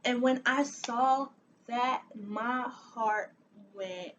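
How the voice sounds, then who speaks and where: Young woman, high voice, vlogger, animated dramatic storytelling, faint background noise. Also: drawn-out words. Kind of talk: storytime vlog.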